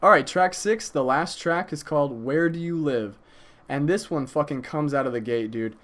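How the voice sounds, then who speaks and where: A man's voice: a little high, moderate pace, fairly bright tone, slight background noise. A man casually reviewing an album, enthusiastic and profane, with frequent hesitations and fillers. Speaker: music reviewer.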